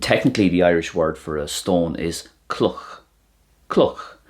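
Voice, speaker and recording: A man with a fairly low voice gives a recorded language lesson at a very unhurried pace. He says each word twice, clearly and deliberately, so listeners can hear how it is pronounced. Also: lively intonation, a little mellow. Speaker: language teacher.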